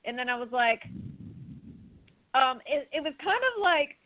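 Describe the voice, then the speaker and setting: A woman hosting a talk show in casual chat, telling stories with animated acted-out reactions. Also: high-pitched, a little slow, no echo. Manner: animated storyteller, acts out her own panicked thoughts. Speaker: podcast host. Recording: dry phone-like line.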